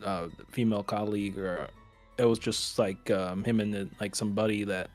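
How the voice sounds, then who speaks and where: A man co-hosting a casual review podcast, talking in a hesitant, halting way. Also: on the low side, steady tone, soft background music. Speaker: podcast co-host.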